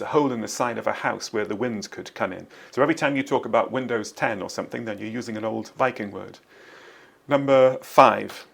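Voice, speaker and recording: Fifties guy from england running a quiz lesson, gravelly, clear and steady. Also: mid-range voice. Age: 50s. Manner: clear, measured quiz-style delivery. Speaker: transcription exercise presenter. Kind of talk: teaching.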